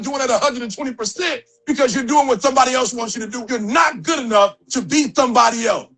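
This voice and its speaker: A man with a high, husky voice delivers a motivational speech to a live audience. He talks casually and uses slang. He builds to emphatic, shouted calls to action. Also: fast talker, hardly any pauses, low-quality recording. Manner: emphatic and conversational, with slang and rising shouted exhortations. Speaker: motivational speaker.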